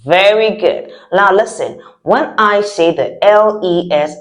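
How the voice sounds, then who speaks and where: A woman teaching French vocabulary, saying each word slowly and lifting her voice on the articles. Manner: slow drawn-out model words with high lifted articles. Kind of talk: repeat-after-me vocabulary lesson.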